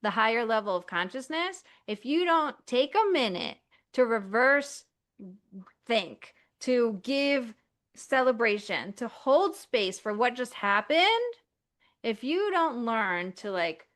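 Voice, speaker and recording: A woman talking casually as a podcast guest, acting out inner voices in lively asides. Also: fairly high pitch, slow pace.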